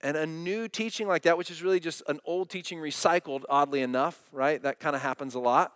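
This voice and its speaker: A man's voice: on the high side, brisk, a bit bright, clear, resonant tone, no echo. A middle-aged man preaching a sermon, earnest and direct, often asking the congregation questions. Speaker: pastor.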